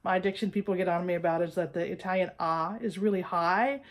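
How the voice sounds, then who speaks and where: A woman's voice: lowish voice, a little fast. A woman, hosting a weekly music lesson and talking playfully and emphatically, often checking in with "all right?". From United States. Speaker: host of a weekly music tips show. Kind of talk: casual direct-to-camera teaching.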